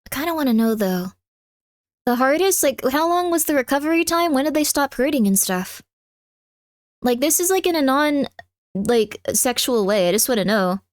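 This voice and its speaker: Woman, high voice, live-stream chat, home room, lots of "like", sudden yelps, dry close sound. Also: lively intonation, moderate pace, dry recording. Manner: chatty, peppered with "like", loud yelps at her cat.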